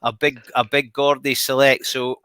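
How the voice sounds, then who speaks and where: Upbeat bright-voiced man hosting. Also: mid-range voice, little pitch movement, moderate pace, smooth, dry recording. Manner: upbeat, teasing, reads out messages. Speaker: podcast host. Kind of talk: casual chat.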